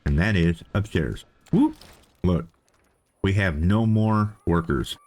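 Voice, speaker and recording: A let's play host talks casually while gaming, thinking out loud and repeating himself in a playful, self-directed way. His voice is low and darkish, and he speaks at a slow pace.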